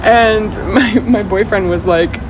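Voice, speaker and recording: A woman telling a casual story in a lively, animated way, swearing freely and mimicking other people's voices. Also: mid-range voice, takes it slowly, background noise. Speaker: social media poster.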